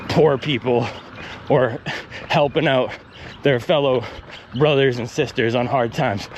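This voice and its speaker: A man of medium pitch and normal speed vlogs outdoors mid-run, keeping up a casual monologue of wry rants between strides against a noisy background.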